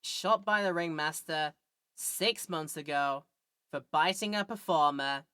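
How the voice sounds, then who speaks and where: A woman's voice: deep voice, a little slow, pushed and bright, smooth, no room sound, studio quality. A woman streamer giving playful, rambling commentary while playing a game. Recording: game music behind.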